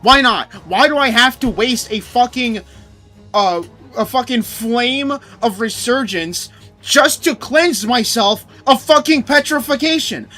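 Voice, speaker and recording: A man's voice: very high-pitched, unhurried, sharp tone, faint music behind. A young man streaming a game, ranting angrily and sarcastically with lots of swearing. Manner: angry profane ranting, sarcastic. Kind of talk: live game stream rant.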